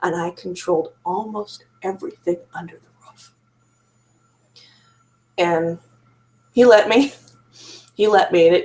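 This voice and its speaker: A woman's voice: medium pitch, darkish tone. A woman speaking candidly to camera about her marriage and therapy, frank and self-critical, laughing now and then and restarting her sentences. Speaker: survivor sharing her story. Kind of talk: candid personal monologue to camera.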